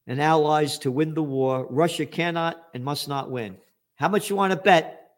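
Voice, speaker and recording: A male commentator in the middle of a political rant, with a voice sitting a little high for a man. He talks with biting sarcasm and heavy profanity. His delivery climbs into angry shouts. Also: moderate pace.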